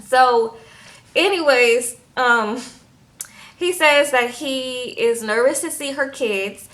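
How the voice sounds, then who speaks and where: Young female vlogger, fairly high voice; sassy, animated recap delivery. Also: takes it slowly. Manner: animated, sassy, acts out quotes in voices, says "okay?" a lot. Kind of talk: casual chatty recap.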